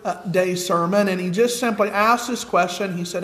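American guy preaching, fairly high voice, earnest, big roomy church echo. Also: normal speed, few pauses, a bit bright. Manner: earnest, asks the congregation repeated questions. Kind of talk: sermon. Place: church sanctuary with nearly empty pews. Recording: echoey church hall.

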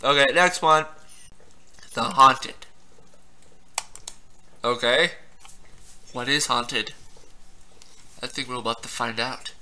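A man's voice: medium pitch, slow, pauses often, sharp tone, a little hiss or hum. A young man giving casual let's-play commentary, laughing often, swearing and yelping at surprises in the game. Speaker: gameplay commentator.

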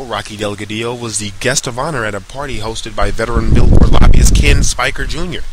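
A man's voice: lowish voice, heavy background noise. A man reading a news article aloud with sarcastic asides of his own, often stumbling over words and correcting himself as he goes.

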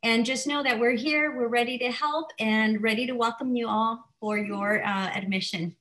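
A woman's voice: on the high side, steady tone, normal speed, a bit bright, rough recording. A woman hosting an online college info session, upbeat and encouraging as she answers questions. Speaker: event host.

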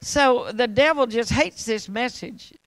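A woman's voice: a little high, unhurried, rough recording. An older woman preaching and telling stories, often laughing as she talks. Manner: laughing storyteller, animated. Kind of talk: testimony sermon with anecdotes.

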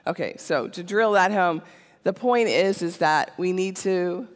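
In a church sanctuary awash with long hall reverb, a speaker with an animated mid-range voice delivers a casual teaching talk a little slowly. The tone is conversational, with frequent "okay?" check-ins.

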